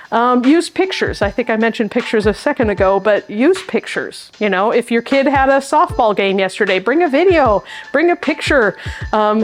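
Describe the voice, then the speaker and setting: A middle-aged woman and sign language interpreter, explaining practical tips in a friendly, emphatic way, often with demonstrations. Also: on the high side. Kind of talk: instructional talk to camera.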